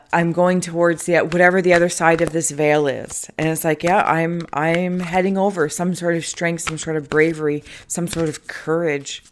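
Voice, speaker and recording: A woman with a low voice leads a spiritual reading, musing aloud as she goes. Her speech wanders and corrects itself, and now and then it sinks into a hushed whisper. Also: slight background noise. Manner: meandering, dreamy, self-correcting, drifting into soft whispers. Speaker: tarot and tapestry reader.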